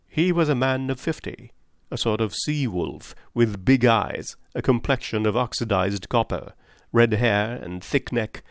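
A man narrating a classic adventure novel aloud in a steady, measured way. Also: fairly low pitch, dry recording, clean studio sound. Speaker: audiobook narrator. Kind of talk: scripted narration.

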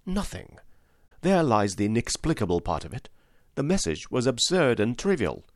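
A man reads a classic story aloud as an audiobook, keeping his storytelling measured and even. His mid-range voice is captured with clean studio sound and no echo, as scripted narration.

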